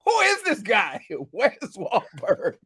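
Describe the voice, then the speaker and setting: A man's voice: sits high, wildly swooping pitch, slow pace, creaky, pushed and bright, husky. A man co-hosting a sports radio show, telling jokey stories in casual banter and laughing at his own lines.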